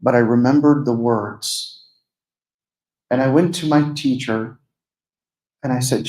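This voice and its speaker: A man of middle pitch tells a personal story as a sermon, earnest and conversational. He draws out the key moments slowly. His voice rings around an echoey mosque prayer hall. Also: fairly even intonation, a little mellow. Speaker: preacher giving a night talk.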